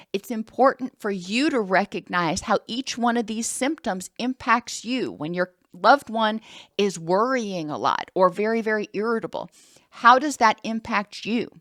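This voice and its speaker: A woman counselor giving a calm, explanatory educational talk, with the occasional um. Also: mid-range voice, dry recording, studio quality.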